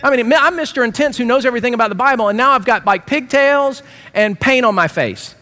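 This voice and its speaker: A middle-aged male pastor preaching with a high, bright-edged voice that swoops up and down as he tells stories on himself. His delivery is lively and self-mocking, and it keeps rolling between playful asides and earnest points. An audience laughs faintly in the distance. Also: fairly quick. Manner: animated storytelling with self-mocking humor. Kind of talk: sermon.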